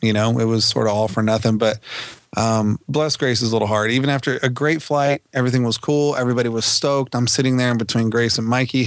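A man in casual storytelling mode, animated and quick to laugh, who acts out his family's lines as he goes. His voice sits at an ordinary middle pitch. The sound is dry and close, with no room echo. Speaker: podcast co-host.

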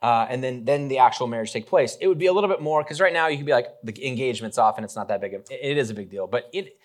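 A man preaching a relaxed, conversational sermon, joking with the congregation and talking with many fillers and restarts. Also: mid-range voice, very fast. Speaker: pastor.

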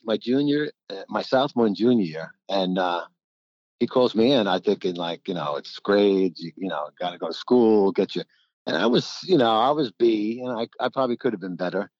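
A man's voice: on the low side, normal speed, no echo, highs cut off. Rambling older New man storytelling. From New Jersey. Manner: rambling, animated, acts out quotes. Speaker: guest, former college basketball player. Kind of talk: casual storytelling.

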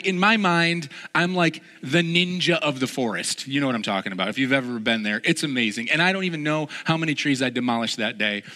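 A pastor delivering a sermon to a gathering, telling a personal story in an animated, self-mocking way. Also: male voice, fairly high pitch. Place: large hall before a live gathering. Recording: long reverb of a large hall.

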